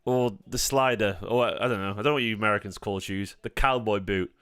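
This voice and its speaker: A man with a Mancunian accent chats casually on a live stream, rambling and jokey with the odd swear. His voice is smooth and clear, and the recording is dry and close. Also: fairly low pitch, brisk, fairly bright tone, no echo. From Manchester, England. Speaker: fan channel host.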